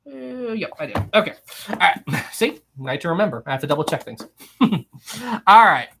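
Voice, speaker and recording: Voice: mid-range voice, big pitch swings, a little fast, vocal fry, a bit bright, a little hiss or hum. A live-stream trivia host who reads out viewers' answers in casual chat, upbeat, laughing often and repeating praise and questions.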